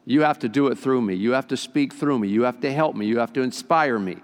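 An older man preaching a sermon as pastor, folksy and animated as he tells stories to his congregation. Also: medium pitch, a little fast, big-room sound.

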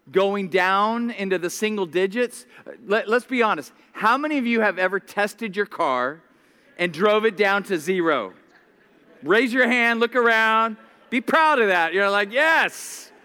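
A man preaching a sermon as a pastor, telling stories with lively acted-out voices and often repeating words as he starts sentences. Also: high voice, clean tone. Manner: animated storytelling, acting out voices.

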